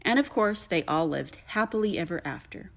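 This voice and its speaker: A woman reading a children's story aloud with a lively, lilting delivery. Her voice sits fairly low for a woman, yet it rises and falls widely through every sentence. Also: normal speed, vocal fry. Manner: animated, lilting. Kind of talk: expressive read-aloud storybook narration.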